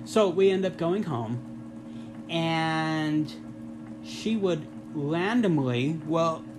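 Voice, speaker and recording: A man telling a funny story in casual chat, animated and mimicking other voices with high squeals. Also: very slow, music in the background. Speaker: podcast guest, husband.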